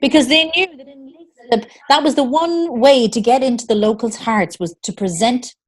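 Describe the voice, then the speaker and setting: A woman improvising a comic story over a video call, quick to laugh. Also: on the high side. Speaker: improv performer.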